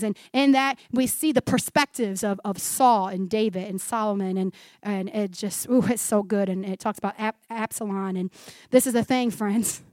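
Woman in her 40s, preacher, high voice, dry close sound, lively sermon delivery. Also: dry recording. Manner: animated, acts out the scripture voices, laughs often.

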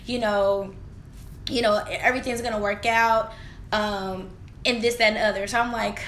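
A woman in casual chat, telling stories with animated feeling. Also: medium pitch, moderate pace, a little hiss or hum. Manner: animated, lively storyteller. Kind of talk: casual chat, emotional storytelling. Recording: echoey room.

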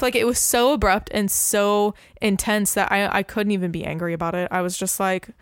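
A young woman in casual podcast chat, an animated storyteller who laughs often. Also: medium pitch, moderate pace, hardly any pauses, clear, resonant tone, no room sound, clean studio sound.

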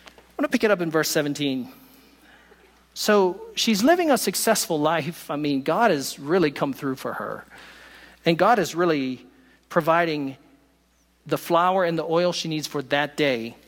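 A male pastor preaching a sermon, slowing down and lifting his voice for emphasis. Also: fairly high pitch. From not from West Virginia. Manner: expressive preaching, slows for emphasis. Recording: long hall reverb.

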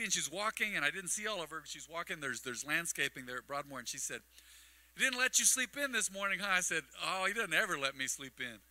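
A man preaching a mid-week sermon as pastor, telling a long personal story with acted-out dialogue and quick asides to the congregation. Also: mid-range voice, sharp tone, rough recording. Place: church sanctuary. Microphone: microphone on a livestream.

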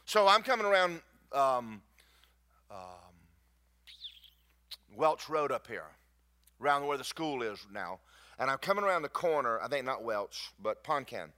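Animated preacher, bright and lively. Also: male voice, mid-range voice, measured pace, pauses often. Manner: animated, rising to near shouts at peaks, folksy asides to the congregation. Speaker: pastor. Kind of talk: sermon. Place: church sanctuary.

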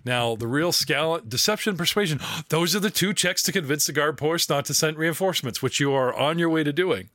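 A man runs a tabletop role-playing game as host and game master. He talks chattily, laughs often and slips into side characters. His voice is bright, and the sound is close and dry. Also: on the high side, a little fast, hardly any pauses, dry recording.

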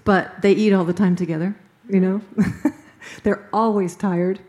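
A woman's voice: mid-range voice, steady tone, unhurried, a little mellow. A woman speaking casually and spontaneously as a panel participant, laughing often between phrases.

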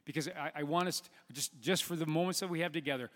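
A man in his fifties preaching a sermon, halting with fillers and restarts, then building to loud emphatic preaching. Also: fairly high pitch. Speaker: pastor. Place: church sanctuary. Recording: long hall reverb.

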